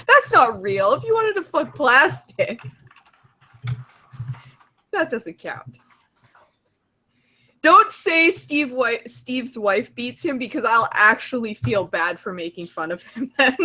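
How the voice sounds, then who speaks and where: A fairly high-voiced woman co-hosting an online talk show. She laughs constantly and swears freely through rude, casual banter. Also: very animated, slow, long pauses, sharp tone, slight background noise. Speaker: podcast co-host.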